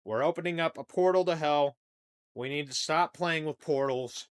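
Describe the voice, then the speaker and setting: A young man hosting a comedy podcast, rambling through a crude monologue that swings between loud outbursts and low mumbling. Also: moderate pace, clean tone. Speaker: podcast host.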